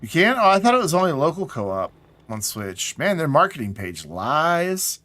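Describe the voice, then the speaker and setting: A man's voice: on the high side, sing-song, normal speed, fairly bright tone. A man casually chatting to his viewers while playing a game on a live stream, sounding tired and yawning. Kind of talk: casual live gameplay chat.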